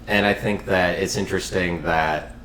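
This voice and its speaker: Very deep-voiced, halting podcast host. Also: male voice, steady tone, fairly bright tone. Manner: halting, filler-heavy. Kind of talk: casual conversation. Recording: roomy with faint noise.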